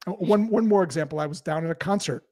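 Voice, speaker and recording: A man's voice: a little high, fast talker, a little mellow, dry recording, clean studio sound. A man being interviewed as a sales expert, explaining his ideas through anecdotes and quoted dialogue. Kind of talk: conversational interview storytelling.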